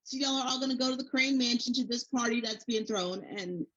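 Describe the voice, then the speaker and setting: A woman's voice: a little high, brisk, fairly bright tone, lo-fi sound. A woman guest co-host in casual recap chat, speaking emphatically and acting out her own reactions.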